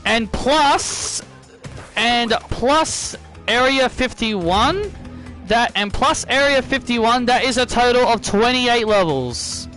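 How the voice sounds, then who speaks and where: A man's voice: very high voice, lively intonation, slow, bright, forceful tone, soft background music. A man streaming a video game, chatting casually and rambling, often repeating and correcting himself. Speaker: gaming streamer. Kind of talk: casual gameplay commentary.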